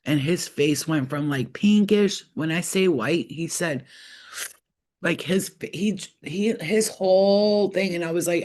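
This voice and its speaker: A woman giving a casual tarot reading to her viewers, blunt and profane, telling animated stories. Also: lowish voice, takes it slowly. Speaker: tarot reader. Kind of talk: casual spiritual talk to viewers.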